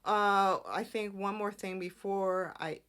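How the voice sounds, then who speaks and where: A woman's voice: medium pitch, fairly even intonation, slow pace, fairly bright tone, smooth. A woman hosting a podcast, chatting casually through a soap opera recap and acting out the characters' lines. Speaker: podcast host.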